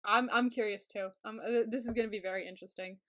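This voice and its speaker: A woman's voice: mid-range voice, steady tone, fast talker. A woman co-hosting a podcast, reacting to a TV episode recap in casual chat and laughing often. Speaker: podcast co-host.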